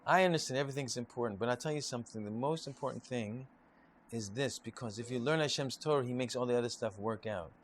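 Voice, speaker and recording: A man's voice: medium pitch, quick pace, a little hiss or hum. A man, a rabbi, giving an informal Torah class, telling stories and repeating and restarting his phrases. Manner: repetitive, restarts often, lively storytelling.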